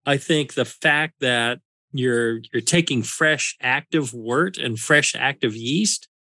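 A man's voice: medium pitch, slow pace, bright, forceful tone, dry recording. A man hosting a casual podcast chat, explaining in a chatty way with many fillers. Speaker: podcast host.

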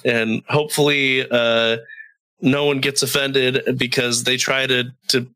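Bright-voiced chatty man. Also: mid-range voice, little pitch movement, dry recording, poor audio. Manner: halting, chatty, with restarts. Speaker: podcast co-host. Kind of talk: casual chat.

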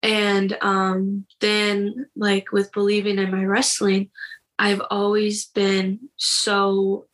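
A woman's voice: medium pitch, monotone, slow, fairly bright tone, rough recording. A young woman from Iowa telling her story as an interview guest, talking candidly and leaning constantly on "like" and "you know.". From Iowa, United States. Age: young adult. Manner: chatty, heavy use of "like" and "you know". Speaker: guest, college wrestler.

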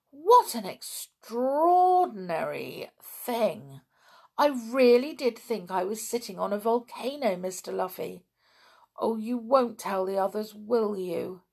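A woman voicing an excitable, easily frightened young girl who cries out high and breathless. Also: slow pace, vocal fry, exaggerated voice. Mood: embarrassed.

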